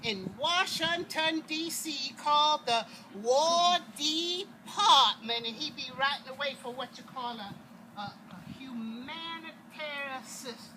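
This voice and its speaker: A woman's voice: high-pitched, measured pace, sharp tone. A woman telling it as an eager young boy. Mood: storytelling. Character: young enslaved boy recalling the war, eager. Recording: noisy outdoor recording with passing traffic.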